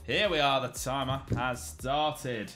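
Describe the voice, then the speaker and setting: A man's voice: medium pitch, slow pace, a bit bright, soft background music. A young man hosting a video game session, chatting casually with a friend and laughing often. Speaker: gaming YouTuber host. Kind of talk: casual gameplay banter with a friend.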